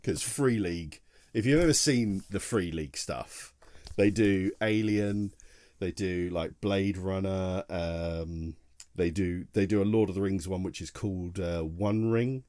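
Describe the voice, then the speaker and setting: A tired man tells a long story on a casual podcast. He talks in loose, rambling runs, with plenty of restarts. His voice is low and mellow, and the recording is close and dry. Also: measured pace, dry recording. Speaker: podcast co-host. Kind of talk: casual chat.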